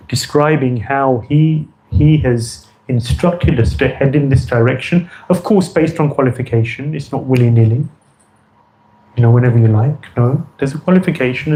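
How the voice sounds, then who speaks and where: A man's voice: mid-range voice, mellow, low-quality recording. Earnest man giving a devotional talk. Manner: earnest, repeats phrases for emphasis. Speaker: spiritual teacher. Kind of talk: devotional lecture.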